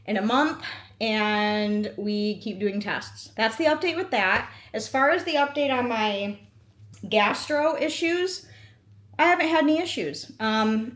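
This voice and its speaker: A woman in her thirties sits in a room at home before a meal, chatting candidly to camera and telling personal stories full of fillers. Her voice is a little high, animated and fairly bright, a bit slow, with a roomy sound.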